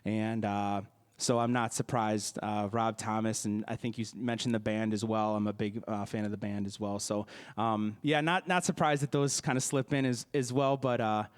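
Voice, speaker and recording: A man's voice: on the low side, fairly even intonation, moderate pace, smooth. A young man, a singer-songwriter from the Milwaukee area, answering interview questions in a casual, hesitant way with many fillers and restarts.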